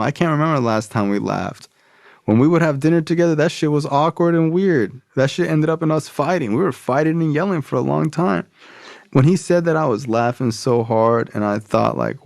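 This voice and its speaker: Man, gravelly voice, average pitch, blunt profane storytelling, dry close sound. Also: no room sound. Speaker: podcast guest. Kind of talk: personal storytelling.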